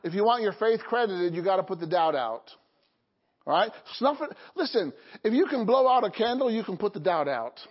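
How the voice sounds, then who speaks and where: Pastor, male, high voice, call-and-response sermon, dull lo-fi recording. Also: expressive, moderate pace. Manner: call-and-response preaching, frequent "Okay?" and "Amen?".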